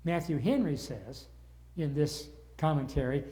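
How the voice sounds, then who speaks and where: Older male Bible study teacher, mellow and slightly high voice, earnest, gets wound up. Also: unhurried. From northern United States.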